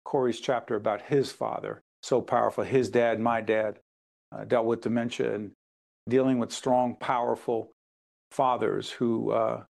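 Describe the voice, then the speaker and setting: A man's voice: medium pitch, flat delivery, unhurried, creaky, a little mellow. A man hosting an interview, pressing his guest with pointed follow-up questions. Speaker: interview host.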